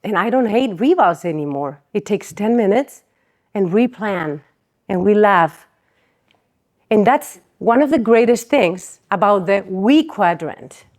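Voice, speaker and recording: A woman's voice: mid-range voice, measured pace. A woman chiropractor giving a conference talk, chatty and full of asides, acting out her talks with patients. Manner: lively storyteller who acts out dialogue with patients; chatty, fills speech with "like" and asides to the audience. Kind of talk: conference presentation. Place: conference hall stage.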